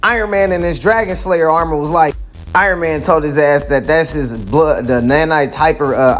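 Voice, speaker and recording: A man casually recapping a comic book story in slangy, heavily profane talk. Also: mid-range voice. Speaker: comic book video host.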